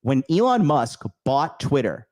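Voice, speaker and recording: A man's voice: mid-range voice, sing-song, unhurried, darkish tone. A man hosting his own show, delivering a profane, aggressive rant straight to his audience, cursing and repeating himself for emphasis. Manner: aggressive, cursing, repetitive ranting; mocks opponents in sneering quoted voices. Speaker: podcast host. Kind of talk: profane angry rant to camera.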